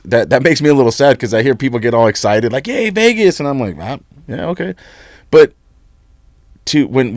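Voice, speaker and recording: Middle-aged man from nevada, lowish voice, blunt and animated, dry close sound. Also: no echo. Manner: candid and animated, blunt words, repeats himself. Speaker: union leader, podcast guest. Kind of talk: casual interview chat.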